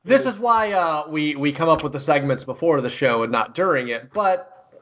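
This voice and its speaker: Bright-voiced man rambling with laughs. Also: on the high side, lively intonation, moderate pace. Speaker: podcast co-host. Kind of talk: casual chat. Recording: slightly dull lo-fi audio.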